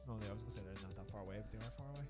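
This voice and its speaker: A man's voice: lowish voice, rapid-fire, over music. A man with a Northern Irish accent co-hosting a live gaming stream, full of crude, joking banter. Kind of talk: casual chat.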